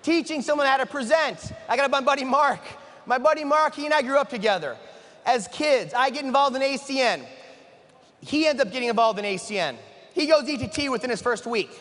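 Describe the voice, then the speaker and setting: A man giving an energetic motivational talk to an audience, asking the room questions and acting out conversations. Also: very high voice, a little fast. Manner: energetic, asks the room questions, acts out dialogue. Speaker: motivational speaker. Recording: long hall reverb.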